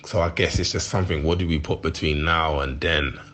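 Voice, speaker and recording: A London man in his forties speaks as an interview guest, his voice deep but forceful and bright-edged. He talks in heated street slang, quick to laugh. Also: steady tone. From London, England. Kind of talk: candid interview chat.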